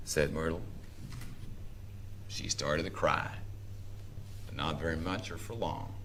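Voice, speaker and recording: A man's voice: deep voice, fairly bright tone, slight background noise. Drawling Southern man reading a story aloud. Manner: slow drawling first-person storytelling, wry. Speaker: reader. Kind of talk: live dramatic reading of a story.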